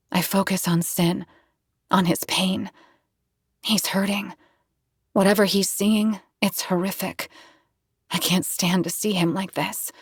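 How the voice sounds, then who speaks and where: A woman's voice: mid-range voice, no echo, studio quality. A woman reading a novel aloud in first person, with tense, dramatic storytelling. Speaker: audiobook narrator.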